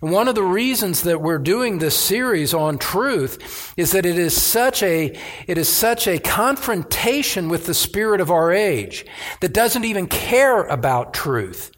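Pastor, male, slightly high voice; emphatic sermon delivery with restarts. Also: sing-song, measured pace, fairly bright tone. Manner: emphatic preaching with repeated restarts.

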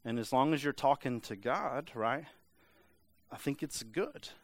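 Speaking unhurriedly in a medium pitch, this man delivers a relaxed, conversational sermon. He says "like" constantly and imitates different voices to get laughs.

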